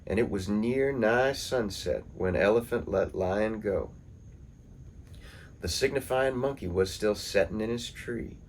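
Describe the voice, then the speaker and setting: A man reading poems and folktales aloud in a calm, measured storytelling manner. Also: lowish voice, slight background noise. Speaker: poetry reader.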